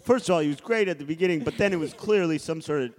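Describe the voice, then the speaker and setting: A man's voice: fairly high pitch, quick pace. A man co-hosting a podcast, casual joking banter, often exasperated. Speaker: podcast co-host.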